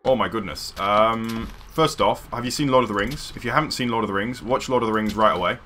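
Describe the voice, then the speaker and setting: A man's voice: mid-range voice, quick pace, pushed and bright, a little hiss or hum. A man from near London, chatting casually on a game livestream, rambling with many fillers and restarts. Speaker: streamer. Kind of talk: casual livestream chat while gaming.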